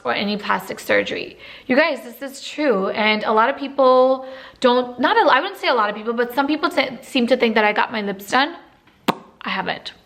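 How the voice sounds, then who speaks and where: A woman's voice: on the high side, a bit bright. Chatty young woman vlogging to camera. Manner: chatty, lots of fillers. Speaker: beauty vlogger. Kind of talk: casual to-camera Q&A.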